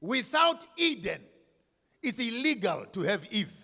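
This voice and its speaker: Guy giving a fired-up speech, high bright voice, goes quiet then yells, big echoey hall. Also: big pitch swings, a little slow. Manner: declamatory, repetitive emphasis, swinging from hushed to shouted. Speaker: speaker at a commemorative event. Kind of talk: impassioned public speech. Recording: reverberant hall.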